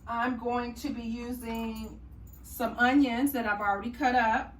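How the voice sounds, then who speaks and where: Woman host, folksy chatty manner, slightly high voice, mic set back in a kitchen with faint noise. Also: steady tone, measured pace, roomy sound, distant mic. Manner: chatty, folksy, says y'all and honey. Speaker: cooking channel host. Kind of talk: casual cooking tutorial.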